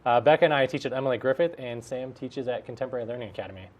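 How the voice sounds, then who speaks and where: A man's voice: medium pitch, very fast. A man who teaches math, co-hosting a live homework help show in an easygoing way.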